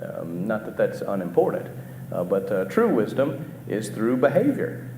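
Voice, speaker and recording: A man's voice: lowish voice, very animated, moderate pace. A middle-aged man preaching a conversational sermon, often asking the congregation questions and restarting his sentences. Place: church auditorium. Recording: echoey hall with faint background noise.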